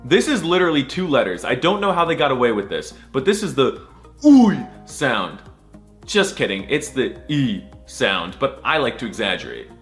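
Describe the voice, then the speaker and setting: A man hams his way through a comedic alphabet lesson, mock-serious and playful. His pitch swings all over the place, jumping up into squeaky bursts between deadpan asides, and he drills each sound over and over. Soft music plays faintly underneath. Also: fairly quick, few pauses. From United States. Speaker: comedic language teacher.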